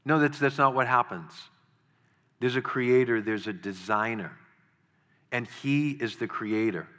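Bright-voiced male preacher in reverberant hall. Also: medium pitch, unhurried. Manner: earnest, with repeated words and acted-out quotes. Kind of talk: sermon.

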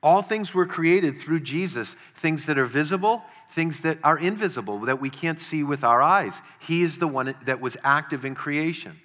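A man's voice: a little high, lively intonation, normal speed, hardly any pauses, bright, forceful tone, big-room sound. A man preaching a sermon in an earnest way, repeating words for emphasis.

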